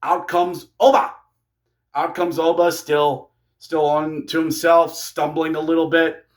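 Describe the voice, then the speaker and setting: A man narrating a fantasy wrestling storyline in a playful, excitable way. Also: on the high side, measured pace. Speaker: wrestling fan video creator.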